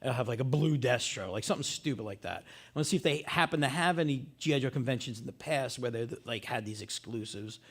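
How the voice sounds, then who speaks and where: Podcast guy, jokey and nerdy, says like a lot, mid pitch. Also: fast talker, few pauses, husky. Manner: joking, filler-heavy, nerdy enthusiasm. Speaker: podcast co-host. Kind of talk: casual chat.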